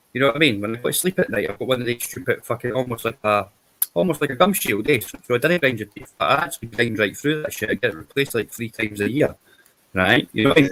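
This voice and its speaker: A man from Edinburgh with a Scottish accent talks bluntly on a livestream. He swears freely and keeps checking "you know what I mean?" His pitch swings widely from line to line. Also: pushed and bright, low-quality recording. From Scotland. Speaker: guest on a livestream. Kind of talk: casual chat.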